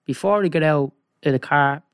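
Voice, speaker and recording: An Irish man, a guest, tells a long story in a loose, rambling way and keeps checking in with "right?" His voice sits a little higher than most men's, and his delivery stays lively and casual. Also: moderate pace, clean tone. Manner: rambling, animated, frequent "right?".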